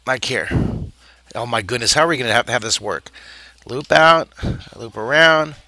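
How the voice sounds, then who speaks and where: A middle-aged man talks kids through a drawing live, chatty and playful, joking about himself as he goes. His voice is bright and forceful. It sounds dry and close. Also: mid-range voice, expressive, moderate pace, no room sound. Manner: chatty, playful, self-mocking. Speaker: drawing teacher. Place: art camp in Texas.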